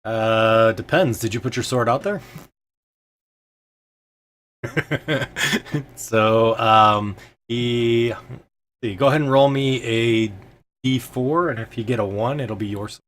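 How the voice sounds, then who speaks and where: A man's voice: mid-range voice, slow, pauses often, a bit bright. A man narrating a tabletop game as game master, in a loose, hesitant way full of ums and filler words.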